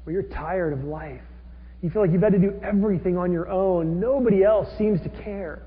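A man preaching a sermon as a pastor, animated, acting out the figures he describes. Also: sits high, normal speed. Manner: animated, acts out quoted characters with rising intensity. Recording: dull lo-fi audio with long hall reverb.

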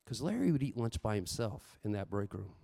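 A man preaching a sermon with lively storytelling, swinging between loud bursts and hushed asides. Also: on the low side, brisk, creaky, in a large hall.

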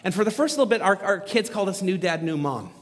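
A man in his thirties telling a story in a sermon as a pastor, animated and poking fun at himself. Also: high voice, fast talker. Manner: animated, self-mocking humor. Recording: long reverb from a large hall.

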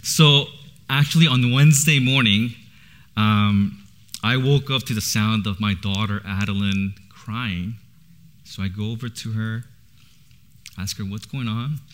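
A man's voice: lowish voice, measured pace, a bit bright. A man in his thirties preaching in church, casual and chatty, with a lot of laughter. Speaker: pastor. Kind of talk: sermon with personal stories.

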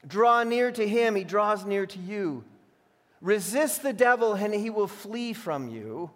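Male pastor preaching, kinda high voice, goes loud then hushed, long echo like a big church. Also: expressive, a little slow. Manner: voices imagined speakers, alternates emphatic and hushed. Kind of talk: sermon. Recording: long reverb of a large hall.

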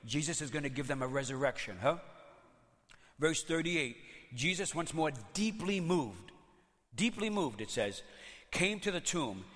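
A man preaching a sermon as pastor, conversational and animated, telling stories with playful asides. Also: on the high side, normal speed, in a large hall.

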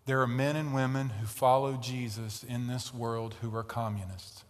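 A man preaching a sermon, telling a story and growing loud and animated in tense moments. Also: medium pitch, moderate pace, in a large hall. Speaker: pastor. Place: large tent.

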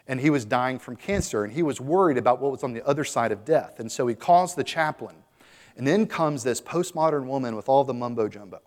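A man preaching a sermon as a pastor, earnest and emphatic. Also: mid-range voice. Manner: earnest, emphatic, building to exhortation. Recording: long hall reverb.

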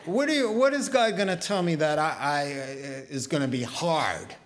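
Male pastor, sermon, fairly high voice, humorous, conversational, gets fired up. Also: lively intonation, measured pace, hardly any pauses, fairly bright tone.

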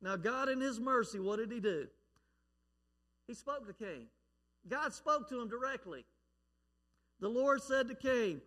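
A male pastor preaches with emphatic conviction, dropping to quiet lines and then rising to loud ones. His voice is high for a man and bright. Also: lively intonation, measured pace, long pauses, long reverb tail. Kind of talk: sermon.

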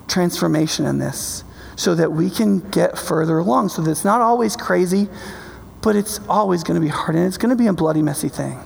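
This gravelly, high male voice, moving at a moderate pace, belongs to a pastor whose sermon carries the long reverb of a large hall. He chats with and checks on his listeners, building repeatedly to passionate, loud high points.

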